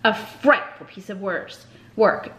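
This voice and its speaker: A woman's voice: medium pitch, slow, a bit bright, slight background noise. A woman voicing a stern, sarcastic old male schoolteacher who snarls and commands. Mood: snarling. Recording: echoey room.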